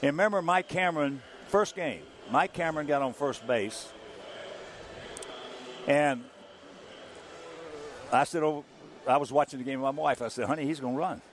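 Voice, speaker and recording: Older man, animated storyteller. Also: fairly high pitch, moderate pace, long pauses, a little hiss or hum. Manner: animated storyteller, chuckling through anecdotes. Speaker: guest, former ballplayer. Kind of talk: anecdotal interview storytelling.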